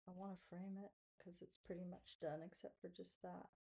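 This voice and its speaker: A woman talking to camera as she paints, musing aloud in a soft, unhurried way. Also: fairly low pitch, level tone, gravelly, slightly rough, rough recording. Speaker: artist vlogger. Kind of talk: casual art-making vlog, talking to camera.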